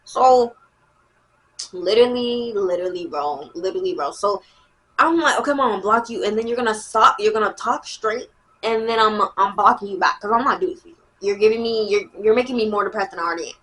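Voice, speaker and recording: A woman's voice: mid-range voice, fairly quick. A woman vlogger telling a casual storytime to camera, rambling and slangy, retelling events animatedly. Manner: slangy, rambling, peppered with "bro" and "like"; animated retelling with exaggerated quotes.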